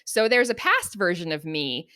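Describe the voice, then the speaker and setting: Bright-voiced woman podcast host. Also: on the low side, normal speed. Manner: earnest, animated when acting out examples. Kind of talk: reflective conversational podcast talk.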